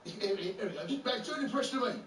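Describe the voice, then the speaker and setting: A man co-hosting a radio show, excitable and tripping over his words, recorded roomy and distant with music behind. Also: high voice, very fast, slight background noise. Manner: excitable, stammering restarts. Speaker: radio co-host. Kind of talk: casual studio banter.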